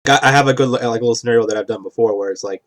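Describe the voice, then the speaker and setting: A man's voice: mid-range voice, rapid-fire, fairly bright tone. A man explaining the rules of a tabletop game in a rambling, casual way, often checking in with "right?". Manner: rambling, keeps asking "right?".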